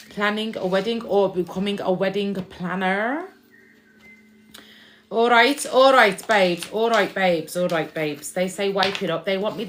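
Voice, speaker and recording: Chatty woman reading tarot. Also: lowish voice. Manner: chatty, checks in with "okay?", calls viewers "babes". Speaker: tarot reader. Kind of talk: casual spiritual reading to camera.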